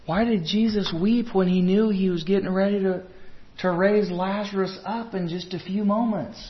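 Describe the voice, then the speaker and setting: A man preaching a sermon, earnest, moving between loud urging and hushed tender lines. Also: sits high, fairly even intonation, normal speed, muffled recording.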